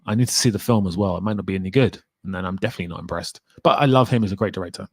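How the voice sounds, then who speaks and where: A man hosting a livestream, answering chat questions in a relaxed, rambling way and laughing often. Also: low voice, very fast, husky, no room sound. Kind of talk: casual chat.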